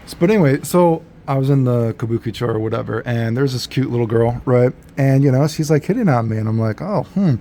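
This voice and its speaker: A man's voice: medium pitch, quick pace, hardly any pauses, warm tone, a little hiss or hum. A man telling a story in a casual, rambling monologue, laid-back and full of fillers and self-corrections. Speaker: vlogger.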